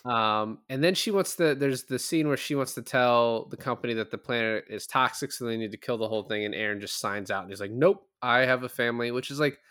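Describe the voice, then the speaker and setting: Guy on a movie podcast, dry close mic, laughs a lot and yells out the quotes. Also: mid-range voice, fairly quick, few pauses, clear, resonant tone, no echo. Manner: animated retelling, laughs often, acts out quoted lines loudly. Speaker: podcast co-host. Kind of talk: casual movie discussion.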